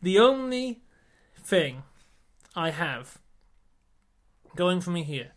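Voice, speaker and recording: A man hosting a casual wrestling-predictions podcast, brisk and teasing with his co-host. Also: high-pitched, big pitch swings.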